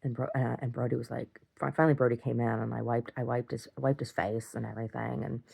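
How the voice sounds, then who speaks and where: A woman recording a casual video diary, rambling through an animated story and acting out what others said. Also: a bass voice, fast, creaky, breathy edge. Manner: rambling, animated retelling with acted-out quotes. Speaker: video diarist.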